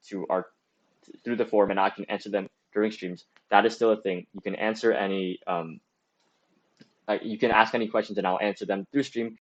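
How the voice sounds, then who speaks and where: A man's voice: on the low side, lo-fi sound. A young man, a student streamer, giving casual advice and answering chat, rambling with lots of fillers and restarts.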